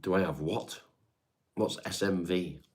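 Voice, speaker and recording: A low-pitched male voice with fairly even intonation moves at a measured pace. It belongs to a middle-aged Devon man from England who hosts a home livestream, reading the chat, swearing freely and answering viewers in a blunt, casual way.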